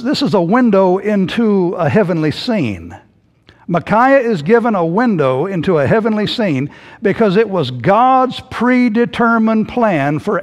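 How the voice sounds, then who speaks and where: A male pastor preaching a sermon, telling the story in an animated way and acting out the voices. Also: sits high. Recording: hall reverb.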